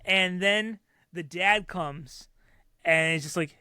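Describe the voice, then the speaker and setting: High, lively man telling stories. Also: a little slow, no echo, clean studio sound. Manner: animated storyteller who acts out loud quoted voices. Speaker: podcast co-host. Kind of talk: casual storytelling chat.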